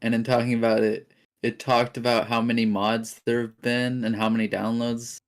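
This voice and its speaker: A man's voice: mid-range voice, level tone, moderate pace. A man chatting casually with a friend on a stream, tossing in offhand jokes. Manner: joking, offhand asides. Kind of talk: casual chat.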